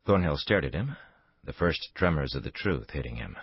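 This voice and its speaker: A man narrating a thriller audiobook in a measured, dramatic storytelling manner. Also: extremely low pitch, lively intonation, husky, dry recording. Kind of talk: scripted narration. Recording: dull lo-fi dry recording.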